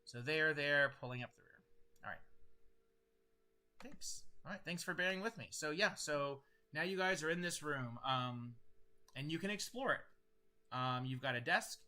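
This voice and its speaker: A man with a very bright, somewhat high voice runs a tabletop game as game master. He works through the dice rolls out loud, with frequent pauses and fillers as he adds them up. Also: expressive. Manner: thinks aloud while tallying dice, with many fillers. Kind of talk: running a tabletop game online.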